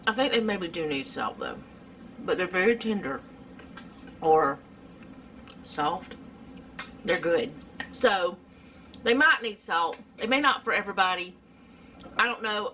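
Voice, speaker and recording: A woman's voice: fairly low pitch, moderate pace, long pauses, bright, forceful tone, a little hiss or hum. A middle-aged woman, chatting casually through a home cooking vlog in her kitchen, rambling with lots of fillers.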